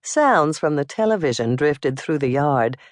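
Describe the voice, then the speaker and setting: Slow, measured audiobook narrator. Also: mid-range voice, lively intonation, no room sound, clean studio sound.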